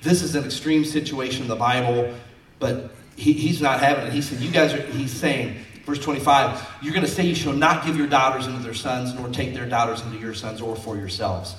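A man's voice: mid-range voice, a little fast, a bit bright, distant mic, slight background noise. A man preaching a folksy, conversational sermon in a church, mixing scripture with personal stories. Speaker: pastor. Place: church sanctuary. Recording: roomy sound from off mic.

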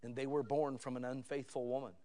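A man in his fifties delivers a sermon in a loose, conversational way, calling his listeners "guys." His mid-range voice drops to near-whispers for asides and then climbs loud and excited as his stories build. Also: medium pitch, brisk. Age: 50s. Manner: storytelling, swings from hushed to loud and excited. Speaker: pastor.

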